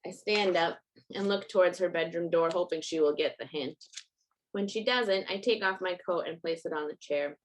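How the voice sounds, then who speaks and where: A woman author reads her own fiction aloud in a measured first-person narration. Her voice sits somewhat low for a woman, with a steady, even reading pace. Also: poor audio.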